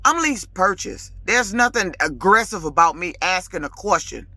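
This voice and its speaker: Her voice is lowish yet bright and forceful, with lively intonation, moving at normal speed and recorded without echo. This lease-purchase trucker rants casually to her vlog viewers, speaking with authority and emphasis, getting heated, raising her voice, and repeating words in colloquial speech.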